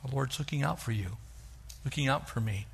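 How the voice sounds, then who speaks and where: A middle-aged male pastor preaching a sermon, animated, acting out the voices he quotes. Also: medium pitch, brisk, gravelly, slightly rough.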